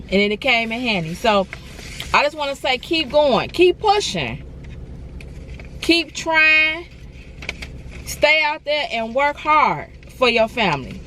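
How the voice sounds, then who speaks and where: Woman vlogger, higher voice, earnest and encouraging, repeats herself, faint traffic hum behind. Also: sharp tone. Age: adult. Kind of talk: emotional storytime vlog.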